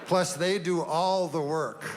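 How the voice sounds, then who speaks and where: Deadpan, rambling stand-up comedian, slightly high. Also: male voice, in a large hall, background noise. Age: older. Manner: deadpan, rambling, drawn-out pauses.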